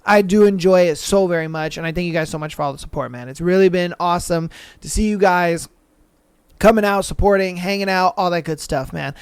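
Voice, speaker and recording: A man's voice: high-pitched, a little fast, smooth, dry recording. A podcast host chatting casually and reading online threads, slangy and laid-back, calling listeners bro and man.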